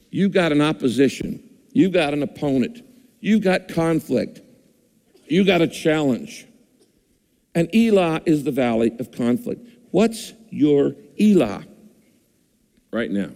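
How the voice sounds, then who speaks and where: Emphatic preacher in an echoing hall. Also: male voice, mid-range voice, darkish tone. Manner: emphatic, repeats phrases, shifts between fast and slow. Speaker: pastor. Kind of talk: sermon. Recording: long hall reverb.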